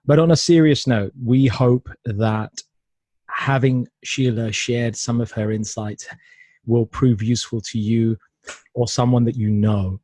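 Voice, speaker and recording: Brief: male interview host, husky, dry close sound, warm affirming chatter. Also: medium pitch, steady tone, a little slow, no room sound. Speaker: podcast host. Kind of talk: casual interview chat.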